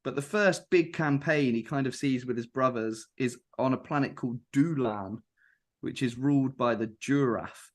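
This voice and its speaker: A man's voice: medium pitch, normal speed. A man co-hosting a podcast, casually retelling game lore in a loose, sweary storytelling manner. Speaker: podcast co-host. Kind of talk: casual chat, reading out lore.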